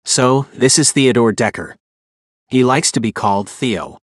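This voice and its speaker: A man voicing a genial, businesslike wealthy host in an audiobook, with a smooth delivery. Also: medium pitch, a little slow, no room sound, clean studio sound, close to an everyday voice. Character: smug wealthy male host, genial and brisk.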